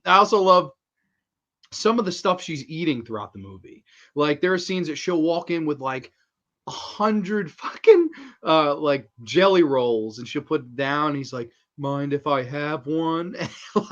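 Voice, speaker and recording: A man's voice: fairly high pitch, lively intonation, unhurried, fairly bright tone, highs cut off. A man hosting a casual horror movie review chat, enthusiastic and laughing as he retells scenes, swearing freely. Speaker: horror movie podcast host.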